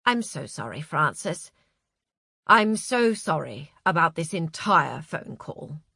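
A woman's voice: medium pitch, sing-song, slow pace, fairly bright tone, dry recording, studio quality, exaggerated voice. A woman voicing a flustered, apologetic male literary agent who keeps scolding himself. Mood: meek. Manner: fretful, self-reproaching.

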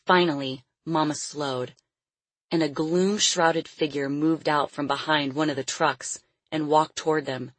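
A woman narrates a storybook in a low, husky voice, measured and expressive. Her voice sounds close and dry, with no room around it. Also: dry recording. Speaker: audiobook narrator.

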